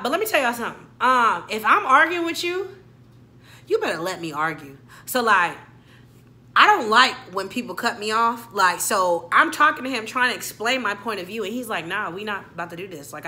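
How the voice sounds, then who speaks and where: A woman's voice: mid-range voice, animated, a little fast, bright, forceful tone. A young adult woman, telling a dramatic story and acting out every character. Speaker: storyteller vlogger. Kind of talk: storytime vlog.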